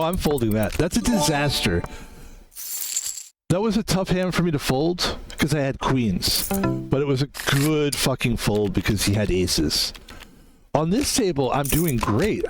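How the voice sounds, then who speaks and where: A man streaming a poker game, chatting in a rambling way, swearing freely and calling out his own name as he plays. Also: on the high side. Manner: chatty, rambling, swears freely, talks about himself in third person. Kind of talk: casual gameplay commentary. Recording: music playing behind the voice.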